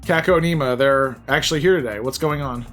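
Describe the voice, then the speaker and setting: A man's voice: medium pitch, fast, a bit bright, soft background music. Chatty man commenting on a game. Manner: chatty, joking, reading game text aloud. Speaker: let's play host.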